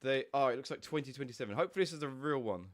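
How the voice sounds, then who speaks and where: A man's voice: medium pitch, rapid-fire, slight background noise. A young man with a stuffy, snotty nose from a cold, chatting casually and rambling on a live stream, swearing now and then.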